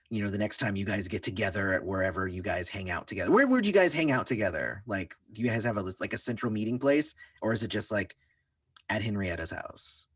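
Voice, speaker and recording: A man game master narrating a tabletop game in a relaxed, filler-heavy way, often chuckling. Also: fairly low pitch, slightly rough, no room sound, clean studio sound, distant mic.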